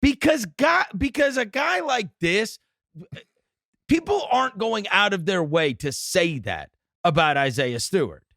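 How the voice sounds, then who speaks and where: A man's voice: high-pitched, sing-song, a little slow, pushed and bright, no echo, studio quality. A man co-hosting a sports podcast, talking emphatically and teasing his co-host. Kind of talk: casual sports podcast chat.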